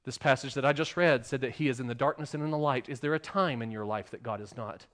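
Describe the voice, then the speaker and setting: A pastor with a medium-pitched voice preaches fast, putting rhetorical questions to the congregation. He swings between loud emphasis and quiet, hushed lines.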